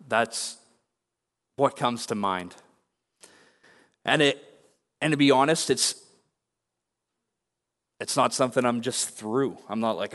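A man's voice: medium pitch, unhurried, pauses often, a bit bright. A young man delivers a sermon from the pulpit, earnest and openly confessional in tone. His mid-range voice rings out with a long hall reverb, as if in a large church sanctuary. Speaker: pastor.

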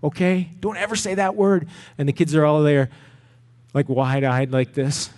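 A middle-aged Canadian-born man preaching from the pulpit. He spins the story with energy and acts out the voices of the people in it, in a voice that sits a little high for a man. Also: fairly even intonation, moderate pace, darkish tone. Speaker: pastor. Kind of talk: storytelling sermon.

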